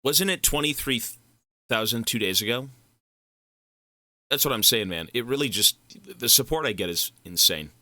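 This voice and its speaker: A male live streamer chatting casually and thanking donors, excitable and effusive, swearing freely. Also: medium pitch, moderate pace, pauses often, no room sound, clean studio sound.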